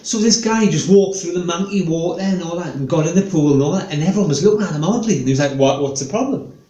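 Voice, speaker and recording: Male comedian, slightly high voice, chatty and rambling, echoey room. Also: fast, dark tone, dull audio. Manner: chatty, meandering, full of fillers. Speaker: stand-up comedian. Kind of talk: rambling stand-up storytelling.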